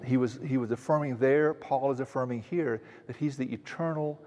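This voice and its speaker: A man's voice: medium pitch, darkish tone, slight background noise. Earnest male preacher in a reverberant hall. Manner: earnest teaching, with frequent restarts and slow emphatic quotes. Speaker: pastor. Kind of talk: expository sermon.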